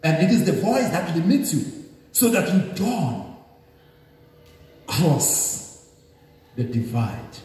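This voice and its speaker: A man's voice: on the high side, very animated, slow pace, long pauses, a little mellow. A man preaching as a bishop, delivering an emphatic sermon that keeps checking in with the congregation. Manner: emphatic, repetitive call-and-response preaching. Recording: echoey hall, distant mic.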